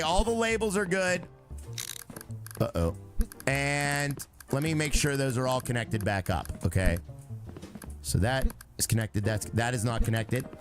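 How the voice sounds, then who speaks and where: Young male streamer, joking and chatty with his viewers, lively up-and-down delivery. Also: a little high. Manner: chatty, talks to himself and chat; joking, breaks into sung lines. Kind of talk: live game stream chat.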